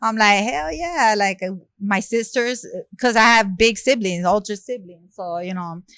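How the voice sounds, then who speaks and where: Lively Los woman telling a story. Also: medium pitch, moderate pace, clear, resonant tone, no room sound. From South Central Los Angeles. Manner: lively, acts out quoted dialogue, many "you know" and "like" fillers. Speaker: rapper, interview guest. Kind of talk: casual storytelling in an interview.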